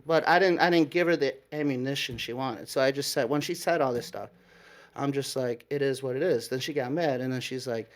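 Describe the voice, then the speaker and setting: A man with an Upstate New York accent telling a long personal story in casual chat, rambling and animated, full of "like" and quoted back-and-forth. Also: medium pitch, brisk. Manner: rambling, animated retelling with frequent "like" and quoted exchanges. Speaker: guest storyteller.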